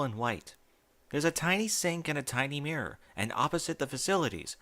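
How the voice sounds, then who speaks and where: A man reading fan fiction aloud in the first person, with an emotional, expressive delivery. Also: a little high. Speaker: audiobook reader.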